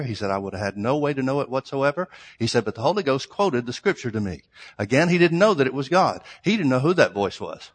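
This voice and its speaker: Man, preacher, sermon, storytelling, scripture reading, halting restarts, long hall reverb. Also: mid-range voice.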